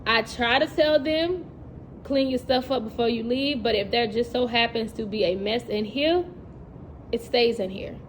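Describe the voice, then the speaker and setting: A young woman, a teacher talking in a casual vlog, animated and chatty, laughing often and acting out classroom moments. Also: on the high side, normal speed, a little hiss or hum. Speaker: teacher and vlogger.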